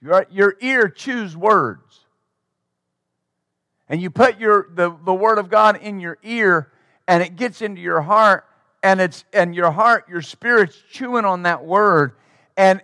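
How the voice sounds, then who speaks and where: A man's voice: high-pitched, bright, forceful tone, dry recording, studio quality. A man preaching a sermon as pastor, emphatic and acting out the replies of the people he quotes.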